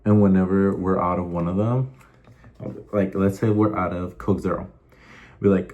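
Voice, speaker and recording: A man's voice: low-pitched, steady tone, normal speed, a little mellow, dull audio. A young man hosting a casual chat show, rambling through stories with lots of fillers and swearing. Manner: rambling, profane, filler-heavy storytelling. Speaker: host.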